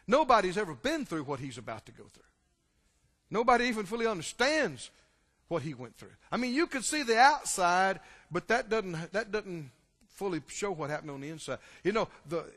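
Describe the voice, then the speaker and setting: A man preaching a sermon, impassioned, swinging between loud exclamations and quiet, low passages. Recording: long hall reverb.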